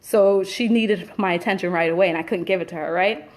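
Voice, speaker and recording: A woman's voice: fairly low pitch, brisk, a little mellow. A woman hosting a casual live stream from home, telling stories with lots of fillers. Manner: chatty storyteller, many fillers. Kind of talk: casual chat. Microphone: webcam or phone, live stream.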